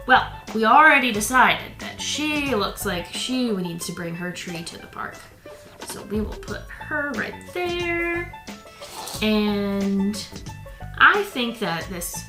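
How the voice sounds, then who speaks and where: A young woman hosting a children's toy-play video, talking to the viewer in a playful, gentle way at home. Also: medium pitch, animated, unhurried. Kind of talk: toy play demonstration for kids. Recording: roomy with background music.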